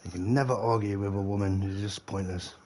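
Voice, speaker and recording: A man's voice: fairly low pitch, fairly even intonation, fairly quick, a little mellow, a little hiss or hum. Forties man, gamer, chatty and swearing, frequent laughter. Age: 40s. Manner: rambling, laughs often, swears. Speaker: game streamer. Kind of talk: casual chat.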